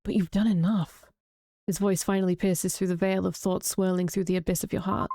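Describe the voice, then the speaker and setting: A woman reading a horror visual novel aloud, drawing out the grisly parts slowly with brief reactions. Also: fairly low pitch, flat delivery, warm tone, no room sound, clean studio sound. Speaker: streamer reading a game aloud.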